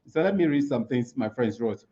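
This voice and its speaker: A man's voice: medium pitch, animated, normal speed, dark tone. A man giving a motivational talk, asking himself rhetorical questions and repeating key words for emphasis. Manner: asks rhetorical questions and answers them himself. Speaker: motivational speaker at an online conference. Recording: slightly muffled lo-fi sound.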